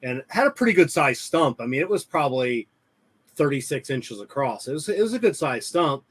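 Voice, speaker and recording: A man's voice: medium pitch, very animated, fairly quick, husky. A man in casual podcast chat, telling rambling anecdotes and acting out what workers told him. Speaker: podcast co-host.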